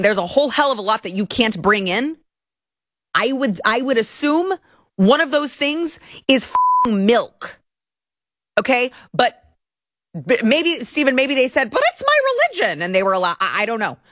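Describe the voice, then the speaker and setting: A woman's voice: fairly high pitch, lively intonation, normal speed, a bit bright, no room sound. Woman from Texas, show host, indignant rants with stammered restarts, dry close sound. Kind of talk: opinionated commentary.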